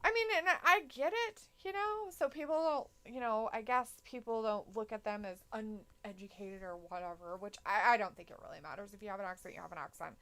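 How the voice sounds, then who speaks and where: A woman's voice: medium pitch, brisk, few pauses, fairly bright tone. A woman co-hosting a casual wrestling live stream, reading viewer comments aloud and reacting bluntly with plenty of swearing. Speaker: co-host reading chat.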